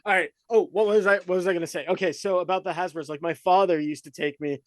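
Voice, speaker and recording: A man's voice: high-pitched, fast, no echo. A man hosting a casual chat, rambling with many fillers and frequent laughs. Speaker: podcast host.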